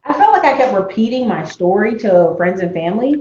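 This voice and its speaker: Woman guest, animated storyteller, casual chat; room echo, a bit muffled. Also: medium pitch, brisk. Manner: animated storyteller, acts out quoted voices. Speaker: guest, YouTuber and entrepreneur.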